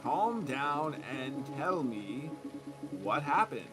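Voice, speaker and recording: Brief: man voicing a calm cop, firm and reassuring, slow low-key delivery. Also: loud music behind the voice. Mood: steady. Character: calm male police officer, adult.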